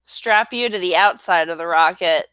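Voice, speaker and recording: A woman's voice: on the low side, normal speed, pushed and bright, clear, resonant tone. A woman playing in a tabletop game, joking and playful as she talks. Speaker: player.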